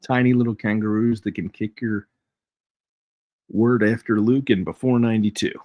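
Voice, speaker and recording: A man's voice: lowish voice, steady tone, normal speed, a little mellow, no echo. A man hosting a casual live trading stream, chatty and jokey, chuckling as he reads charts aloud. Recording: dry, dull lo-fi stream audio.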